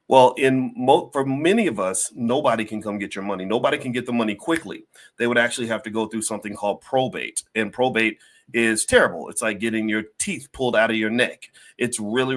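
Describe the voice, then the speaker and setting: A man's voice: mid-range voice, a little fast, a bit bright. A middle-aged man, a finance professor, hosting a livestream and talking to his chat in a folksy, preachy way, full of fillers and little acted-out scenes. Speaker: finance professor and show host. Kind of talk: livestream talk to chat viewers.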